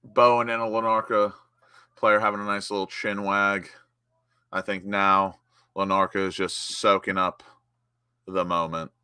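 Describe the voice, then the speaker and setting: Bright-voiced excitable young man commentating. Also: on the low side, measured pace, pauses often, clear, resonant tone, no echo, clean studio sound. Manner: chatty, bursts into excited shouts at chances and goals. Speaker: watchalong host. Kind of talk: live match watchalong commentary.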